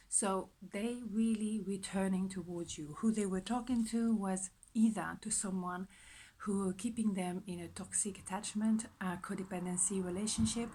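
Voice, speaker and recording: Woman, tarot reader, soft-spoken, half-whispered, chatty, middle pitch. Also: fairly even intonation, normal speed, a little hiss or hum, poor audio. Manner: chatty, repetitive, self-reassuring. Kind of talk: pick-a-card tarot reading.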